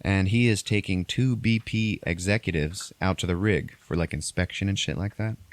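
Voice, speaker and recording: A man hosting a podcast, casually retelling a movie plot in a rambling, profane way and briefly acting out characters in exaggerated high voices. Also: normal speed, no room sound. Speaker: podcast host recapping a movie. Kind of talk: casual chat.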